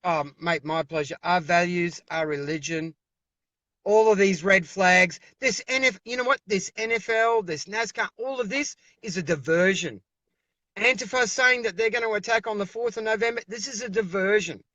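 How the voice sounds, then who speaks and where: A man's voice: sits high, normal speed, bright, forceful tone, dry recording. An Australian man speaking over a video call as an interview guest, giving fiery, emphatic political talk and repeating himself when worked up.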